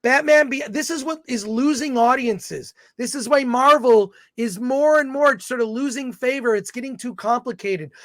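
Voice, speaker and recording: A man's voice: very high voice, moderate pace, hardly any pauses, no echo, studio quality. A man co-hosting a casual film review chat, opinionated and blunt, rambling through his thoughts.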